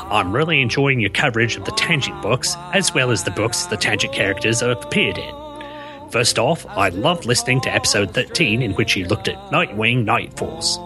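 A man's voice: mid-range voice, close to an everyday voice. A man reading a listener's letter aloud in a put-on Australian accent, hamming it up and cracking himself up. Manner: hammy, keeps breaking into laughter.

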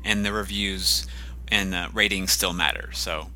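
A man's voice: sits low, fairly even intonation, a little slow, pushed and bright, a little hiss or hum. A man co-hosting a podcast in casual chat, talking in a hesitant, self-deprecating way with frequent ums and restarts. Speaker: podcast co-host.

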